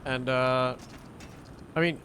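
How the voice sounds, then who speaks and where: A man's voice: medium pitch, steady tone, takes it slowly, noisy background. A young man streaming a roleplay game, chatting casually in loose slang and swearing freely. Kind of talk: casual chat while roleplaying.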